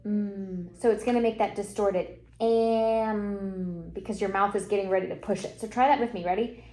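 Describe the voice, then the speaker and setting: A woman reading teacher giving a one-on-one phonics lesson, encouraging and modelling sounds slowly for a young reader. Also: mid-range voice, steady tone, a little mellow.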